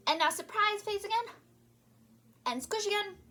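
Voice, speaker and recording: A woman voice teacher leading a recorded singing lesson, cheerful and encouraging, singing short warm-up demonstrations. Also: extremely high pitch, lively intonation, normal speed.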